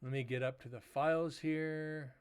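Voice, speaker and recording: Loud laid-back man hosting a stream. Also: a little high, steady tone, normal speed, smooth. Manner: loud voice that carries far; rambling, laid-back talk with fillers. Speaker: paranormal investigator host. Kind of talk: casual livestream chat.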